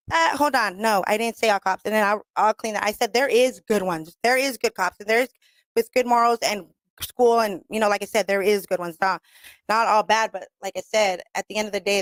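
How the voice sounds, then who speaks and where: A woman's voice: mid-range voice, fairly bright tone, dry recording. A woman hosting talk radio in a blunt, rambling, profane way, laughing often and mixing in Spanish slang.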